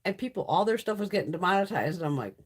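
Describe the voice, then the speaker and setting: A woman's voice: fairly low pitch, sing-song, very fast, husky. A middle-aged woman hosting a casual beauty live stream, chatty and blunt, swearing freely and laughing often.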